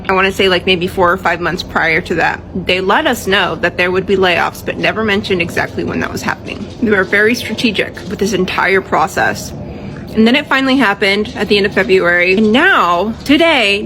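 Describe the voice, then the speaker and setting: A woman's voice: medium pitch, moderate pace, fairly bright tone, a little hiss or hum, rough recording. A woman who was laid off, talking frankly and indignantly in a casual vlog and swearing now and then. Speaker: laid-off worker.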